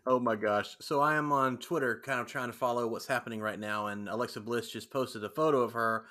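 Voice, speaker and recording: A man's voice: mid-range voice, steady tone, a little fast, bright, forceful tone. A man co-hosting a casual chat, talking with emphatic enthusiasm. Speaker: podcast co-host.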